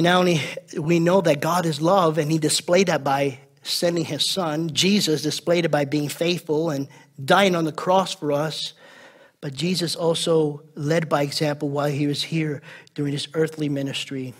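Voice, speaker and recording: A man preaching with a husky, slightly rough voice that sits high for a man. He speaks earnestly and conversationally, repeating words and throwing in asides as he teaches his congregation. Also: steady tone, moderate pace. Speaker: pastor. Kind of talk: sermon.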